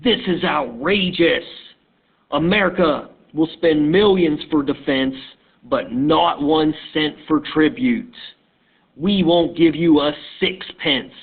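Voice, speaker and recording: A man's voice: fairly high pitch, takes it slowly, slightly rough, heavily acted. A man playing an outraged American diplomat. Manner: outraged, raised voice. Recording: tinny phone-like recording.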